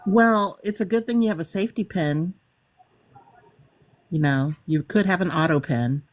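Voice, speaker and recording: A woman's voice: on the low side, normal speed. A woman chatting on a video call, laughing and complaining bluntly with some swearing. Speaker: group chat participant. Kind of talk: casual profane chat on a video call.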